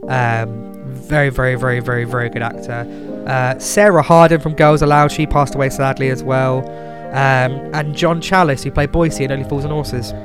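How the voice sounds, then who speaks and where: A man's voice: medium pitch, level tone, normal speed, few pauses, over music. Sweary man on a podcast. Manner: sweary and blunt, many ums and restarts. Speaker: podcast co-host. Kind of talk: casual chat.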